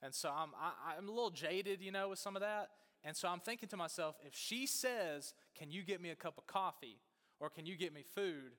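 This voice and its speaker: Male pastor, casual storyteller, higher voice, church-hall reverb. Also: a little fast. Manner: chatty, animated storyteller, lots of fillers.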